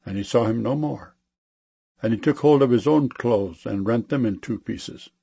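A man giving a solemn scripture reading, raising his pitch and volume dramatically for quoted speech. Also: normal speed, creaky, warm tone, slightly rough. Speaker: scripture reader.

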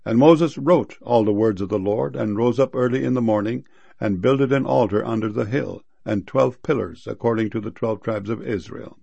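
A man reading archaic scripture verses aloud in a steady, measured way. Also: mid-range voice, gravelly, slightly rough, no echo, lo-fi sound.

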